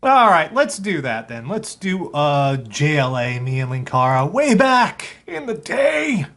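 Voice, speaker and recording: A man's voice: fairly high pitch, very animated, unhurried, creaky. A man hosting a live radio show, chatting casually and now and then cooing to his cat. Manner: chatty, talks to his cat in a soft baby voice.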